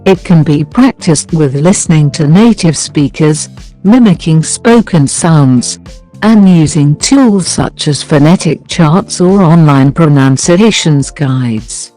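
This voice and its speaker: A narrator reading a scripted English lesson, working through numbered points and example sentences in a measured way. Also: medium pitch, lively intonation, dark tone, soft background music, poor audio. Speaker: English teacher.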